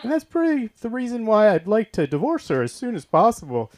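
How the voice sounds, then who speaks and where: A man doing a booming, raised-pitch dad-announcer voice. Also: huge pitch swings, a little fast, darkish tone. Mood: announcing. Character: loud dad narrating family life like a broadcaster.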